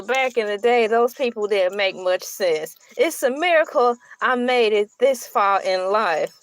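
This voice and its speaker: A woman's voice: mid-range voice, a little slow, few pauses, no echo. A middle-aged woman vlogging in a casual, joking chat, often slipping into put-on voices. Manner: joking, animated, puts on voices.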